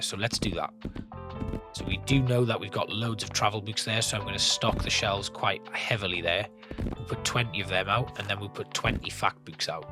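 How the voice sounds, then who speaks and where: A man casually commenting on his gameplay, thinking aloud as he plans each move. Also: on the low side. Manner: thinking aloud, planning, relaxed. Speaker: gameplay host. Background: game music.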